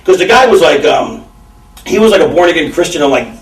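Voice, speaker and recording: A man's voice: a little high, lively intonation, fast talker. A man talking in a loose, rambling way full of fillers and restarts, chatting casually at a restaurant table. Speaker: interviewee. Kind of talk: casual chat. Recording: roomy sound from a distant mic.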